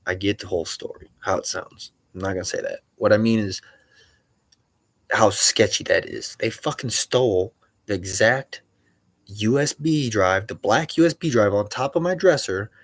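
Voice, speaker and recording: A man's voice: mid-range voice, no echo. A man talking in an agitated, profane, rambling monologue, often stopping to correct himself.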